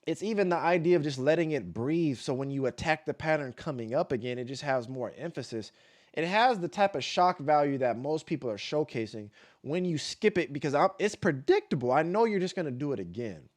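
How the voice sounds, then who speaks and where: A man's voice: a little high, animated, fairly quick. A man giving blunt, profane live-stream commentary, repeating points for emphasis and vocalizing beat patterns aloud. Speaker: streamer reacting to dance battles.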